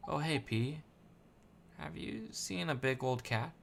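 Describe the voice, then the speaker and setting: A man reading the lines of a polite, earnest young boy in a quiet, plain voice. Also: on the high side, expressive, slow pace, gravelly, noisy background, voice pushed up, exaggerated voice.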